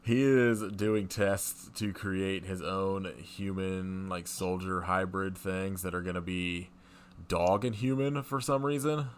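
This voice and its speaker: A man's voice: low voice, steady tone, slow pace, slight background noise. A man co-hosting a podcast, recapping a movie in a casual, wry, rambling way with lots of fillers. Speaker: podcast co-host.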